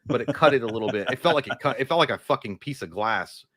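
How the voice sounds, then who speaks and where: A man's voice: medium pitch, lively intonation, fast talker, fairly bright tone, no echo. A man co-hosting a live movie stream, joking crudely and reading out viewer comments. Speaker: co-host. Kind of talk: casual live-stream chat.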